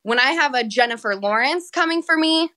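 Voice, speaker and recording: On a podcast she co-hosts from home, away from her partner, a woman chats casually with lots of "like" and plenty of swearing. Her high voice is animated, pushed and bright, and she talks a little fast.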